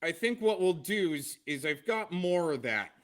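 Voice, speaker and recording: A man hosting a livestream, reacting to a clip in a halting, casual way. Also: on the high side, animated, fairly bright tone. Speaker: show host.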